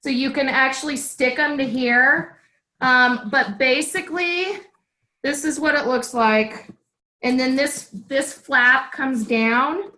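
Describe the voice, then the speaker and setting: A woman on a casual livestream showing a product to her sales team, chatty with excited asides. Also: high voice, slow pace, poor audio.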